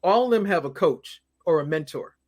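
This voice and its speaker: A man with a high-pitched voice speaks as an interview guest. He talks casually and animatedly, acts out the people in his stories, and often repeats his words. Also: expressive, moderate pace, a little mellow.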